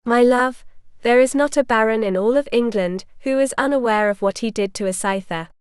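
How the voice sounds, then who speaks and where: A woman's voice: a little high, normal speed, smooth, no room sound, studio quality, natural voice. A woman voicing a stern, devoted young medieval nobleman, in a firm, reassuring way.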